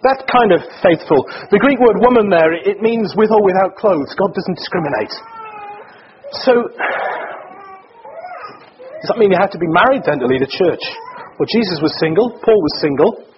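A man's voice: high voice, animated, normal speed, long pauses. A man preaching a sermon in a conversational, joking way, quizzing his congregation. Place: church gathering. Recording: muffled lo-fi recording with faint hiss.

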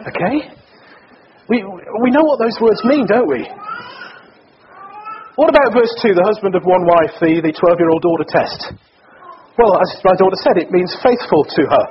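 A man's voice: sits high, moderate pace, pauses often. A man preaching a sermon in a conversational, joking way, quizzing his congregation. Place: church gathering. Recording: muffled lo-fi recording with faint hiss.

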